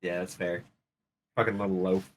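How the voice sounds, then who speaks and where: A man's voice: sits low, little pitch movement, moderate pace, slight background noise. A man chatting casually while gaming with a friend, answering mostly with short laughing reactions. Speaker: co-player.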